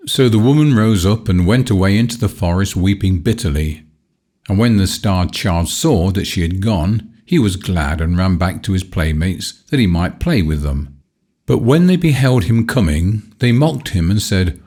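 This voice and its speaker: A man narrating a fairy-tale audiobook in measured, old-fashioned storytelling. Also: sits low, animated, mellow.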